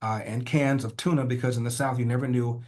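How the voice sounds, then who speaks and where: An older man, a podcast guest, telling a personal family story with animated, rhythmic repetition. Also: medium pitch, fairly quick. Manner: acts out family dialogue in changing voices.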